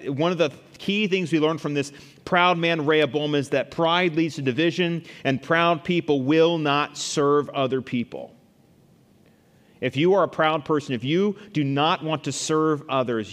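A man's voice: on the high side, long reverb tail. A man preaching a sermon, reading scripture aloud and then explaining it verse by verse.

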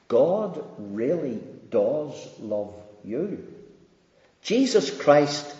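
A man preaching a sermon, slow and emphatic, swinging from loud rises down to hushed, quiet lines. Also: medium pitch, very animated. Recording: dull, echoey hall recording.

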